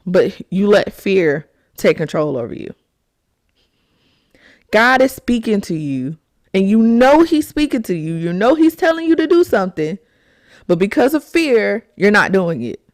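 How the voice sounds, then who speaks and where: A woman's voice: medium pitch, a little slow, no room sound, clean studio sound. A young woman hosting a faith podcast, talking emphatically and acting out the people in her stories. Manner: animated, emphatic storytelling with acted-out quotes. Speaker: podcast host. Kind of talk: faith talk monologue.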